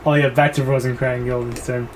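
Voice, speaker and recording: A man's voice: mid-range voice, little pitch movement, fast, a little hiss or hum, poor audio. A young man co-hosting a gaming video, telling a long story in a rambling, filler-heavy casual way. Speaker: gaming co-host. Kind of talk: casual let's-play chat.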